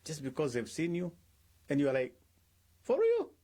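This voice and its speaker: A man's voice: mid-range voice, a little fast, a little mellow. A middle-aged man speaking as a pastor in a devotional talk. He asks his listeners rhetorical questions and acts out the things people say.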